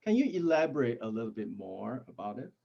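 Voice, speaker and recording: A man acting as toastmaster for a speech contest, chatting with contestants in a joking, halting way over a video call. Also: medium pitch, very animated, creaky, warm tone, highs cut off. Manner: jokey, halting with restarts. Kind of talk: friendly interview banter.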